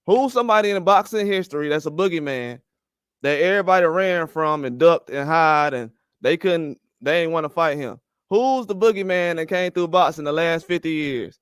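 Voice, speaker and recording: An older man rants heatedly about boxing, swearing often and firing the same questions again and again. His voice sits high and sounds smooth and clear. The recording is dry, with no room sound. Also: normal speed, fairly bright tone, dry recording. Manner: fired up, profane, repeats rhetorical questions. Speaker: boxing commentary host. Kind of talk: heated opinion rant.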